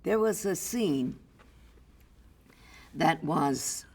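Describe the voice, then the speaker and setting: A woman's voice: low-pitched, extremely slow. An older woman, an actress, telling a backstage story in an interview and acting out the people in it. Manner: lively storyteller, acts out others' voices. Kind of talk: anecdotal storytelling.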